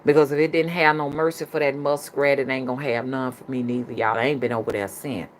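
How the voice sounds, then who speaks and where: Speaking fast in a bass voice with fairly even intonation, a middle-aged Southern US woman, a spiritual reader, casually tells her viewers a story. She's colloquial and chatty, addressing them as "y'all," with slight background noise.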